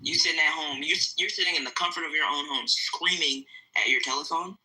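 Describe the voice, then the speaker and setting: A woman's voice: sits low, fast talker, pushed and bright, poor audio. A woman moderating an online audio room, talking bluntly and with profanity in a casual, heated chat.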